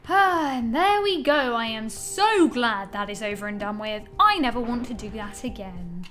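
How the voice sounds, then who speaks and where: A woman's voice: a little high, lively intonation, normal speed, few pauses, a bit bright, faint music behind. A young woman giving casual gameplay commentary, exasperated, swearing often and talking to herself. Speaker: gaming channel host.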